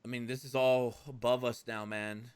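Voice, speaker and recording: A man's voice: mid-range voice, little pitch movement, moderate pace, smooth. A man playing a tabletop role-play game, talking in a casual, profane way. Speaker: player.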